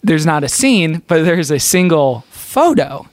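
A woman co-hosting a podcast, giving wry, expressive commentary on a movie. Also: low voice, a little slow, no room sound, studio quality. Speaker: podcast co-host. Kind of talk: casual chat reviewing a movie.

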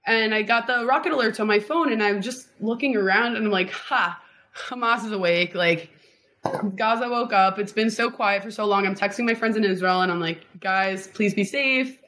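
A woman's voice: mid-range voice, a little fast, fairly bright tone. A woman in her twenties from Miami, telling her story in a casual interview, rambling with lots of "like" and restarts. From Miami, Florida. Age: 20s. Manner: rambling, heavy use of "like" and restarts. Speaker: guest.

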